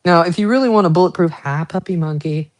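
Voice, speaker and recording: A man's voice: high voice, quick pace. A man who collects watches, talking casually on a live stream in a rambling, profane, self-mocking way, with chatty asides to viewers.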